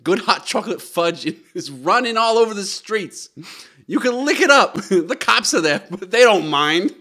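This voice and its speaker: A man playing a very excited young boy with a put-on Boston accent, gushing and giggly. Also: high-pitched, unhurried, voice pushed up, heavily acted.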